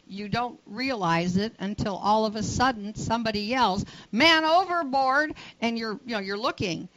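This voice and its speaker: A woman's voice: a little high, a bit bright, no echo, rough recording. A woman who teaches boating safety, a guest on a radio show, giving practical advice in a plain, matter-of-fact way. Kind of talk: radio interview.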